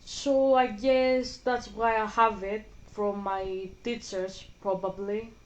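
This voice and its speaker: A woman's voice: medium pitch, steady tone, slow pace, highs cut off. Frank, rambling woman. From Greece. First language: Greek. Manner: rambling, frank, swears casually. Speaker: gaming vlogger. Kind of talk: casual chat while playing a video game.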